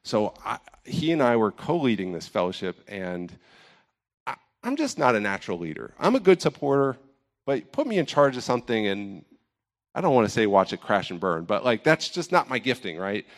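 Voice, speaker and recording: A man's voice: fairly low pitch, big pitch swings, normal speed. A man in campus ministry telling a personal faith story in a candid, self-deprecating way, with many fillers and restarts. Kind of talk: personal testimony, casual storytelling.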